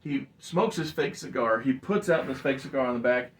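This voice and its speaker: A man narrating a wrestling match in casual play-by-play chat, acting out wrestlers' lines in animated storytelling. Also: medium pitch, moderate pace. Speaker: co-host, game narrator.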